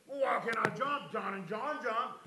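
A man's voice: extremely high pitch, moderate pace, heavy background noise, pitched above the performer's own voice. A man voicing a big, heavyset teenage boy who eagerly insists on jumping.

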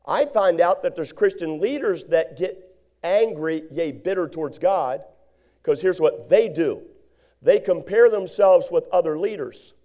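A man's voice: a little high, expressive, unhurried, dark tone. A male preacher delivering a sermon, reading old-style Bible verses and acting out quoted people. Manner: preachy, acts out quoted voices, reads King James verses.

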